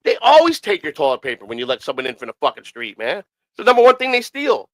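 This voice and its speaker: A man's voice: a little high, huge pitch swings, fast talker, no echo, low-quality recording. A man casually telling rambling, profanity-heavy stories on a streamed talk show, often repeating himself. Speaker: podcast host. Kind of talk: casual storytelling.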